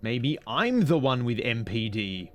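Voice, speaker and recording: A man's voice: mid-range voice, sing-song, a little slow, faint music behind. A man streaming a mystery game, with casual, sarcastic, muttering commentary as he plays.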